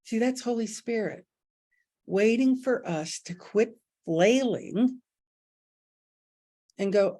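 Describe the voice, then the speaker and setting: A middle-aged woman leading an online spiritual group over a video call, talking in a folksy, expressive way and calling listeners "honey.". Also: on the high side, takes it slowly, long pauses. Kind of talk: casual spiritual talk.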